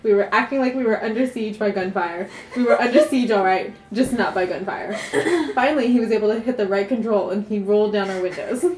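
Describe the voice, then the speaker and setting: A woman telling a comic story about her own life, animated and often laughing as she goes. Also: mid-range voice, a little fast, roomy sound, a little hiss or hum.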